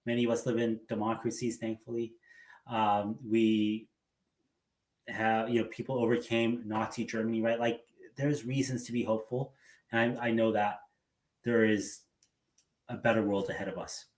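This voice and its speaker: A man's voice: fairly low pitch, level tone, moderate pace, echoey room. A man, a doctor, speaking as a podcast guest in an earnest, hopeful way, with hesitant restarts. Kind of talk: casual interview conversation.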